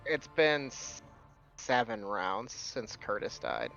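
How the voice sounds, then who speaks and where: Male game master, measured descriptive narration, dull lo-fi recording with faint music under it. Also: fairly low pitch, wildly swooping pitch, vocal fry, bright, forceful tone. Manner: slow, descriptive narration with drawn-out words.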